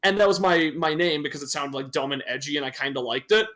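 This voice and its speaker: A young podcast co-host from Michigan chats casually on a stream through a desktop microphone, joking, laughing at himself, and swearing. His fairly high voice is fast, bright, and forceful.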